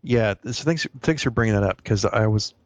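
A man co-hosting a casual literary discussion, explaining his points earnestly with quick restarts. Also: fairly low pitch, dry recording, highs cut off. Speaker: podcast co-host.

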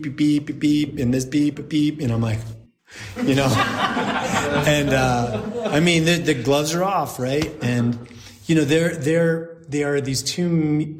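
A middle-aged man, a priest, speaking at an ordinary mid pitch. He tells a story to a group in a loose, chatty way, laughs often and stumbles into restarts. A faint noise runs under the recording.

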